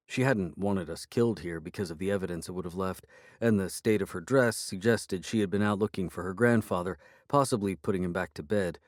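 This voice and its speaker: A man reads a first-person audiobook in a measured, storytelling way. His voice sits low. The recording is close and dry, with no room sound. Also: no echo. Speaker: audiobook narrator.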